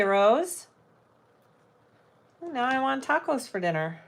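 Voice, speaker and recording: A woman's voice: mid-range voice, lively intonation, slow pace, a little hiss or hum. A woman hosting a live sewing stream, thinking aloud as she works and chatting with viewers. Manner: thinks aloud while working, chats with viewers. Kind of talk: casual live sewing chat.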